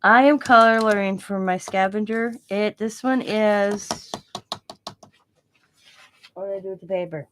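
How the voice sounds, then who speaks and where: A woman's voice: mid-range voice, steady tone, measured pace, pauses often, noisy background. A woman hosting a casual craft live stream, chatting and telling stories in a rambling way while she works. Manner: rambling, chatty storytelling with laughs. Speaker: craft channel host.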